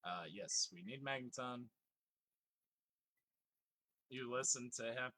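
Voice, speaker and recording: A man's voice: medium pitch, takes it slowly, pushed and bright. A man casually commenting on his gameplay and reading chat aloud, swearing freely, laughing often and joking in mock exasperation. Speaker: live streamer.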